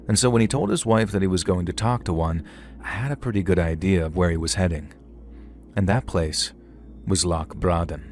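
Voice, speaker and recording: A young man narrating a first-person horror story in a measured, conversational way with casual slang. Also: low-pitched, a little mellow. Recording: faint music underneath.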